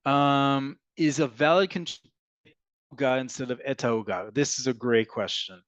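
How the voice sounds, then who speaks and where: A man's voice: medium pitch, moderate pace, no echo, dull audio. Man teaching Hebrew in an online class. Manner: explanatory, animated, answers questions as they come in.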